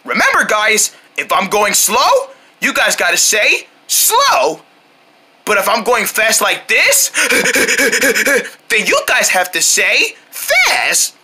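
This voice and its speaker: A woman voicing a cheerful, excitable young boy who talks straight to child viewers in a sing-song way. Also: a little high, slow pace, slight background noise, full character voice. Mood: playful. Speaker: children's show character. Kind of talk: children's cartoon voice acting.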